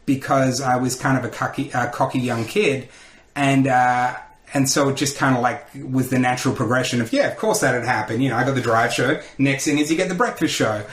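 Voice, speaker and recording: In an echoey room, an Australian comedian and radio host tells stories as a podcast guest, brisk and animated, acting out the people he quotes. His pitch is medium and the talk is casual interview storytelling.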